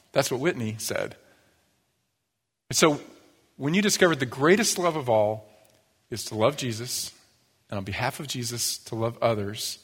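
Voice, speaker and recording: A pastor giving a sermon, telling stories in a lively, conversational way. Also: male voice, medium pitch, husky. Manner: storytelling, animated, acts out quoted voices. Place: church sanctuary. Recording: long church reverb.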